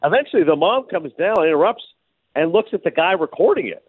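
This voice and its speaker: Animated fast-talking man on a phone line. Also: high voice, breathy edge, no room sound. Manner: animated storyteller, quick and lively. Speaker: radio co-host. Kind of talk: casual radio banter.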